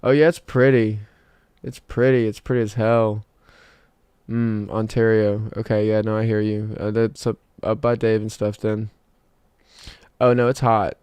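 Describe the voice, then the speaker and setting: A man's voice: fairly low pitch, darkish tone, smooth, no echo. Rambling young man streaming live. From South Georgia, US. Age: 20s. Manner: rambling, many fillers and restarts. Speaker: livestream host. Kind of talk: casual livestream chat, reading chat.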